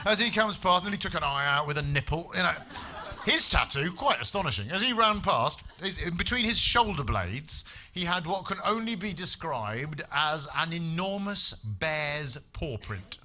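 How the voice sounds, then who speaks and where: Sardonic male stand-up comic, slightly high. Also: very animated, moderate pace, pushed and bright. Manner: wry, sardonic storytelling with swearing. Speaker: stand-up comedian. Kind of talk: stand-up comedy set. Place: comedy club stage.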